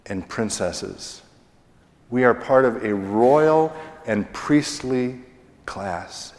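A middle-aged man preaching a sermon as pastor, slow and deliberate, pausing often and letting his phrases fall away at the ends. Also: medium pitch. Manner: slow, deliberate preaching with pauses and falling endings. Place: church sanctuary. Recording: long church reverb.

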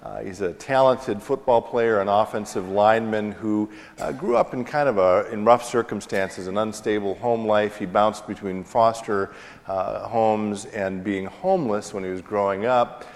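Male pastor, 40s, lowish voice, chatty storytelling sermon in a church with long reverb. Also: normal speed. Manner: conversational storytelling with fillers, self-deprecating humor. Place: church sanctuary.

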